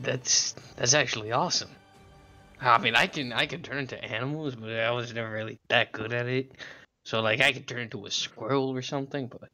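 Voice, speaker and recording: A man's voice: mid-range voice, pushed and bright. A man speaking as his character in a tabletop game, laid-back and easily impressed. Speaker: player. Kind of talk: in-character tabletop role-play.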